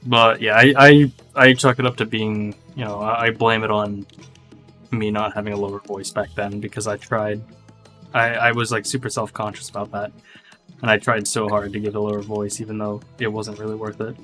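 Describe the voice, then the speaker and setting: A man's voice: lowish voice, flat delivery, moderate pace, bright, forceful tone, faint music behind. A man, a game developer, chatting casually in a laid-back, slangy way and laughing easily. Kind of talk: casual chat on a dev stream.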